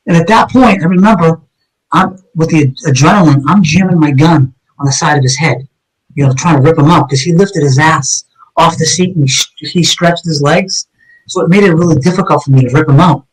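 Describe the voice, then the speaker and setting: Middle-aged ex-cop guest, high-ish voice, intense retelling full of restarts. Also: male voice, husky, poor audio. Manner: vivid and intense, with frequent restarts and repeated words. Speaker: retired detective telling his story as a guest. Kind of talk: dramatic first-person storytelling in an interview.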